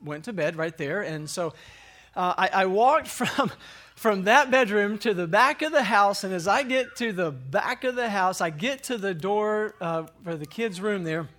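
A man in his thirties with a high, expressive voice and a fairly bright tone tells a personal faith story at a slightly slow pace. He rambles conversationally, using frequent fillers and restarts, and chuckles at himself in a self-deprecating way.

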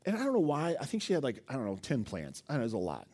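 A man's voice: medium pitch, racing. A male pastor preaching a sermon, telling stories with animation and asking the congregation questions. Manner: animated storytelling, acts out quotes, asks the listeners questions.

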